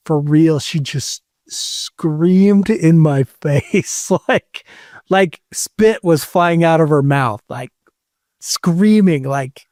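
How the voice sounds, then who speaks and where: A man's voice: fairly high pitch, slow, a little mellow, dry recording, clean studio sound. A middle-aged man casually telling a long personal story, rambling and swearing with lots of "like". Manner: rambling, swearing, many likes. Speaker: podcast host.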